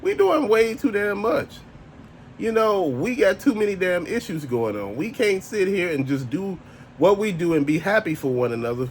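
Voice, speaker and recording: A man's voice: high-pitched, slight background noise. A married man ranting casually to camera as a toy collector vlogger, blunt, profane and exasperated. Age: adult, married.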